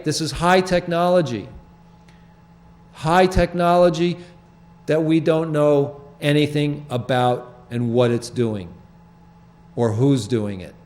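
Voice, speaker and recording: An older man hosting a small public-access TV show, explaining his photographs in halting, rambling, earnest talk from the studio. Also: on the high side, dark tone. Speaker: show host presenting his sky photographs.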